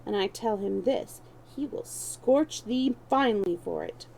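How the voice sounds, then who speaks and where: A woman's voice: mid-range voice, animated, a little slow, creaky, a little mellow, a little hiss or hum, poor audio. Hugo, a woman doing a crafty young beggar. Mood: scheming. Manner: scheming, mocking archaic speech. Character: young male street beggar and thief, crafty.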